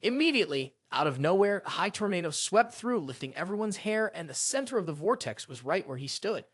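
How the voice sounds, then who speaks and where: Recap narrator, animated pitch, dry close recording, scripted storytelling. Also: fairly quick, husky, no room sound.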